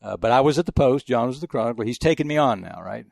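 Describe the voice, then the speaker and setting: Older male sportswriter guest, rapid-fire, gravelly, rambling anecdotes, dry close mic. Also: medium pitch, animated, darkish tone, dry recording. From El Paso, Texas. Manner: rambling anecdotes with frequent restarts. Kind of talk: casual interview storytelling.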